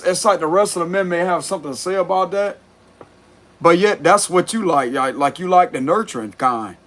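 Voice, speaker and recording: A man talking through a tarot reading in a loose, blunt way, with plenty of swearing and chuckling. His voice sits on the higher side for a man. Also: fairly bright tone. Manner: blunt, profane, laughs often. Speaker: tarot reader. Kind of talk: casual spoken tarot reading.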